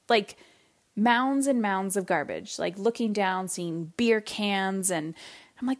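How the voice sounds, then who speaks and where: A middle-aged woman from Canada hosting a parenting podcast, telling a story in a casual, animated way and acting out her family's lines. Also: mid-range voice, slow. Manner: animated, acts out family voices, casual swearing.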